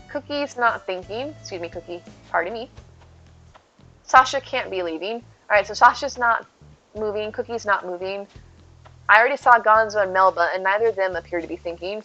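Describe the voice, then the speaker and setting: Woman game streamer, mid-pitched, casual live chat, talks to herself and to chat; slightly dull recording. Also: a bit bright. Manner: chatty, thinks aloud, answers chat. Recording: slightly muffled with faint game music.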